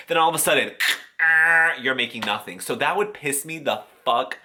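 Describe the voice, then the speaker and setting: A man's voice: on the high side, a little fast, pushed and bright. A man talking in a casual, sassy, profane vlog style, explaining how he gets paid and acting out quoted voices. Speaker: YouTuber.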